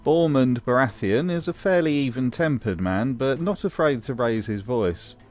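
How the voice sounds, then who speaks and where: A man's voice: mid-range voice, expressive, normal speed, a little mellow, faint music behind. A man giving scripted commentary in a dry, mocking tone. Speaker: video essay host.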